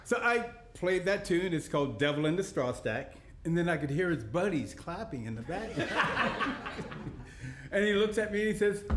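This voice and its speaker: A man spins a playful story between tunes and laughs often as he goes. His voice sits a little high, and the live room is roomy, with faint noise underneath. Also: lively intonation, normal speed, fairly bright tone. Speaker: fiddler and performer. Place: small historic listening room.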